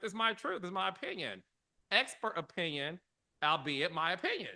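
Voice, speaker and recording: Animated, bright-voiced male podcast host. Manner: animated, emotional, dramatic pitch swings. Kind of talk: casual commentary to camera.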